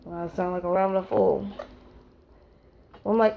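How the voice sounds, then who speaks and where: A woman vlogger and mother telling a rambling comic story at home during her child's naptime. She is animated and acts out scenes with silly voices and sound effects. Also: on the low side, a little slow, gravelly, narrow, tinny audio.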